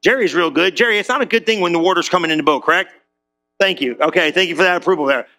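A pastor preaches a sermon in a church, his voice sitting high and his delivery rapid-fire. He's animated and conversational, using casual slang and throwing questions to the crowd.

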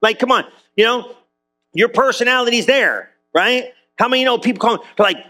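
A man preaching an energetic, conversational sermon in a church, full of quick asides to the congregation. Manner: energetic, conversational, high-spirited with frequent asides. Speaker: pastor.

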